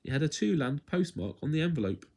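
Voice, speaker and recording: A man reading a children's story aloud at home in an expressive, playful way. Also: on the high side, fast talker, gravelly.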